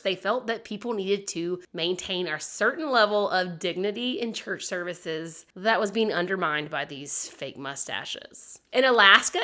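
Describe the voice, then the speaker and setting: A woman hosts a history podcast, walking through odd stories in a chatty, amused way. Her voice is bright and forward, and she laughs between points. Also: medium pitch. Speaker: podcast host. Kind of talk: casual history storytelling.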